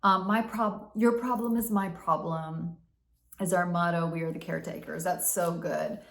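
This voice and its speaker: A woman's voice: on the low side, fairly even intonation, normal speed, gravelly. A woman hosting a casual self-help talk, candid and swearing freely, acting out the inner voices she describes. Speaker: podcast host. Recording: roomy echo.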